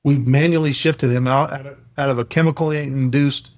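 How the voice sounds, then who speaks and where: A middle-aged podcast host sharing a coaching program tells a family story earnestly in casual podcast chat, acting out the dialogue. His mid-range voice is brisk with a steady tone.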